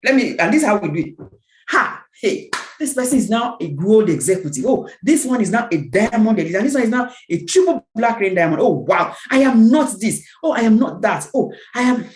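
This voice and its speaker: A woman's voice: a little high, big pitch swings, brisk, darkish tone, echoey room, a little hiss or hum, poor audio. A woman speaking at a team meeting, giving an emphatic motivational talk with repeated phrases and a preacher-like cadence. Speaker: network marketing team speaker.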